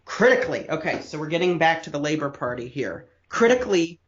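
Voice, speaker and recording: A man's voice: a little high, sing-song, fairly quick, echoey room, highs cut off. A man co-hosting a podcast, explaining political history in detail with a lecturing, casual manner and frequent restarts.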